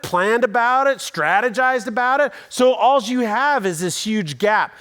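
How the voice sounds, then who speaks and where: A man's voice: high-pitched, fairly bright tone. A male pastor preaching a sermon in a church, telling stories conversationally and acting out quoted voices, with dry, self-deprecating humor. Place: church auditorium.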